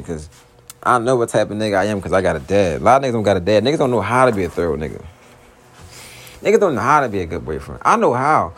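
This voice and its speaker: A young man with a Philadelphia accent, venting in a profane, slangy monologue to his girlfriend. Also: medium pitch. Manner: profane, slangy, pleading then exasperated. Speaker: vlogger.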